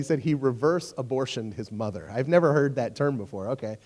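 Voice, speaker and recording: A man's voice: medium pitch, a little fast, hardly any pauses. Man preaching with a storyteller's energy in a reverberant hall. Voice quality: storytelling, jokey and animated, talks to crowd. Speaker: youth pastor. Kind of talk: sermon. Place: church hall.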